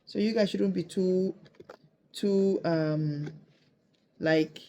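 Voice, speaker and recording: A woman in her thirties chats on a home vlog, teasing and cooing at her baby with easy laughter. She turns to reassure her viewers in a relaxed, direct way. A faint hum of room ambience sits behind her voice. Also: on the low side, very slow. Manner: playful, laughs often, coos and teases. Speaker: mother and family vlogger.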